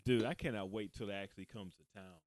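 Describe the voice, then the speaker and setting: A man's voice: fairly low pitch, steady tone, quick pace, crowd noise. A man co-hosting a podcast in casual chat, restarting sentences and laughing often. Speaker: podcast co-host.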